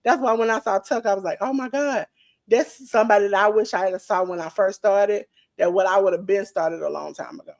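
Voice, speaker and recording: Animated woman telling stories. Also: medium pitch, brisk, creaky. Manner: animated, acts out quoted voices. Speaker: guest. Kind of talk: casual chat, storytelling.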